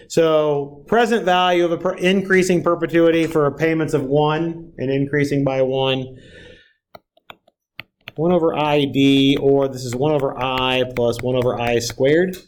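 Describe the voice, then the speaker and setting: This math lecturer speaks in a mid-range, darkish voice with fairly even intonation and a moderate pace. During his classroom lecture he talks students through each step, frequently checking in with tag questions.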